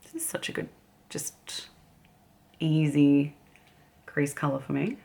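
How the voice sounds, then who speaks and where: A woman's voice: sits low, takes it slowly, creaky, long pauses, warm tone. An Australian woman chatting casually as a beauty vlogger while doing her makeup, giggling often. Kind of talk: casual get-ready-with-me chat.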